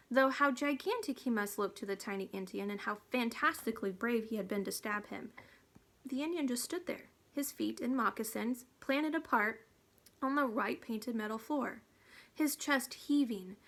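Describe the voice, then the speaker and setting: Woman reader for a children's chapter book, slightly high voice, steady pace. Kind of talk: storybook read-aloud.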